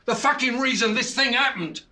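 An actor playing a resentful aging crook, swearing forcefully. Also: male voice, very high voice, brisk, exaggerated voice. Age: older. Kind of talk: film acting.

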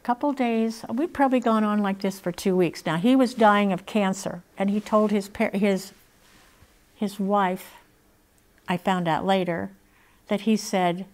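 A woman's voice: mid-range voice, measured pace, darkish tone. Earnest woman telling her testimony. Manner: earnest, heartfelt storytelling. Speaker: speaker sharing her testimony. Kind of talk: personal testimony talk.

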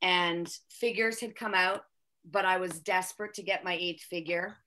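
A woman's voice: lowish voice, steady tone, normal speed. A woman who coaches figure skating, telling stories from her training days over a video call. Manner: warm reminiscing, quotes others in voices. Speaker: former student and skating coach. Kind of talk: casual storytelling.

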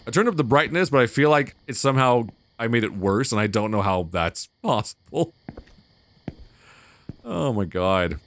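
Lively, cursing male gamer. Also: mid-range voice, normal speed, slight background noise. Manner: animated, swearing, easily flustered. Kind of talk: let's play commentary.

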